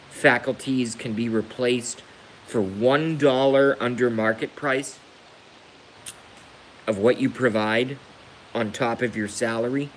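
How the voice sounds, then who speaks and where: A man on a live stream delivers a heated personal rant in a voice of ordinary pitch. He keeps circling back, repeating phrases for emphasis, with a light hiss in the background. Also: fairly bright tone, rough recording. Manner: emphatic and repetitive, hammering points home. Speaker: livestreamer.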